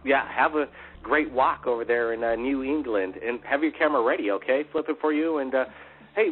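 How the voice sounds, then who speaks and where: A man hosting a live call-in radio show, upbeat and chatty, with plenty of fillers. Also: mid-range voice. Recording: phone-like narrow audio.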